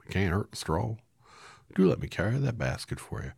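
A cheerful, naive scarecrow from a storybook, voiced by a man reading aloud. The voice is husky and gravelly, lifted above a very deep natural register, swinging widely in pitch. He stays polite and eager throughout. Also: very animated, brisk, darkish tone, no echo, studio quality, heavily acted. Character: friendly talking male scarecrow, simple and polite.

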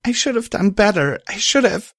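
In a clean, roomless studio recording, a man performs a heartfelt, emotional young winged pony hero who is tearful. His voice is medium-pitched, lively and fairly bright at a moderate pace, raised above his own pitch but still natural.

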